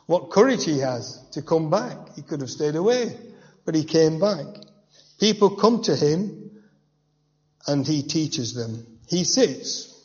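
A man's voice: on the high side, very animated, slow, darkish tone. A man preaching a verse-by-verse Bible teaching in a conversational way, with personal asides and rhetorical questions. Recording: dull, reverberant hall sound.

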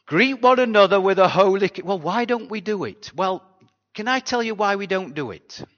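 A pastor giving a sermon in a chatty, conversational way, often asking the congregation rhetorical questions. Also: male voice, high-pitched, animated, normal speed, fairly bright tone. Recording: dull sound with long hall reverb.

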